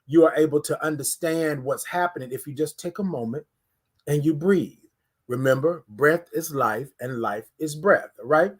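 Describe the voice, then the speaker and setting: This energetic morning livestream host has a husky, higher-pitched voice and talks at a normal speed. He addresses viewers directly, repeats himself often, and guides them through breathing in a casual chat captured by a phone or webcam near his face.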